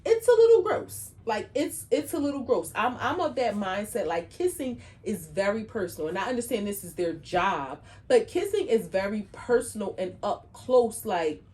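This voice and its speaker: A woman cohosting a podcast in casual chat, animated and peppered with "like". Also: medium pitch, normal speed, few pauses. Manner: animated, frequent "like" fillers.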